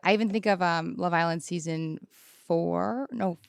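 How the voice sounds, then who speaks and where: A woman's voice: on the low side, moderate pace, creaky, smooth, no echo, clean studio sound. A woman hosting a podcast, talking in an enthusiastic, gushing, rambling way. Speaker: podcast host. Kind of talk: casual conversation. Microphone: podcast mic.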